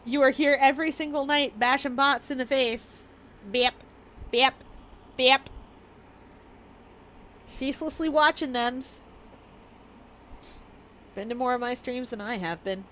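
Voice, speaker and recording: A woman's voice: high voice, moderate pace, fairly bright tone. A woman streamer talks casually to her chat. She is bubbly and rambling and breaks into laughter often. Her voice sits a little above the usual.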